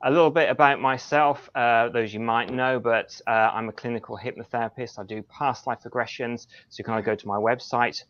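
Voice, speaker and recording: A man's voice: medium pitch, steady tone, fairly quick, few pauses, a bit bright, no echo, lo-fi sound. A man hosting a casual live paranormal chat stream over a video call. He talks chattily, thanks people often and stumbles over repeated words.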